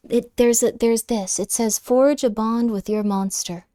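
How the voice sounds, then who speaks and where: A woman streamer chatting casually during an unboxing, gushing with excitement and often slipping into a half-whisper. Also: on the high side, measured pace. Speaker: VTuber streamer.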